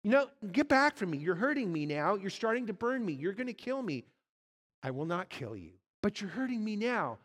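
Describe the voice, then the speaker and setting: A man voicing a frightened male ghost, clinging and pleading in high, anxious outbursts. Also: very animated, normal speed, few pauses. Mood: panicked.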